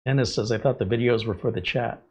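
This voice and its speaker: Blunt sarcastic man with a husky voice. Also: mid-range voice, fast talker. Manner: blunt, sarcastic, lively asides. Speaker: tech show host. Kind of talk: live-stream chat answering viewers.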